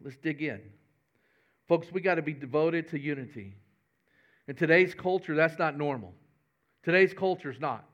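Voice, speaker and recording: A man's voice: on the high side, normal speed, pauses often, fairly bright tone, highs cut off. A man, a pastor giving a folksy, conversational sermon with humor.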